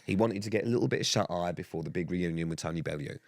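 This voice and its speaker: Racing along in a low voice, the 30-something co-host spins dry, profanity-laced stories in a casual podcast chat. The recording is dry.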